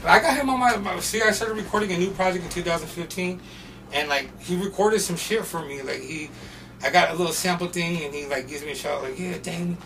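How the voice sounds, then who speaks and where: A young man from Portland, a podcast guest, telling loose, profane stories in casual chat and shouting when he quotes people. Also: high-pitched, fairly quick. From Portland, Oregon. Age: young adult. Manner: loose, profane, animated storyteller who often shouts when quoting people. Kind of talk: casual storytelling. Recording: distant mic with faint noise.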